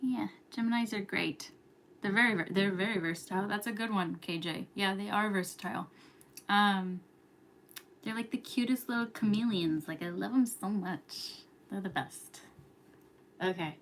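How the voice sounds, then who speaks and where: Young woman host, chatty late-night livestream talk, average pitch, quick to laugh and to whisper. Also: fairly bright tone. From New York. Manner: chatty, giggly, drops to a whisper at times. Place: home at night.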